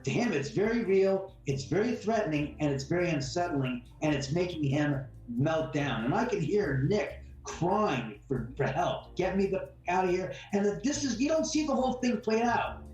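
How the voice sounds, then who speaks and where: A man's voice: high-pitched, muffled recording. A man, a homeowner guest in an interview, telling a story bluntly and acting out what people said. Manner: blunt, animated storyteller who acts out quotes. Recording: roomy, distant mic with faint music.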